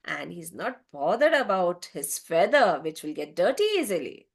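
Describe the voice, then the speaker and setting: A woman's voice: fairly low pitch, very animated, normal speed, breathy edge, pitched below the performer's own voice, heavily acted. A woman voicing a self-pitying male swan who complains about his lot, in a told fable. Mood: wistful. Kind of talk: storytelling with voices.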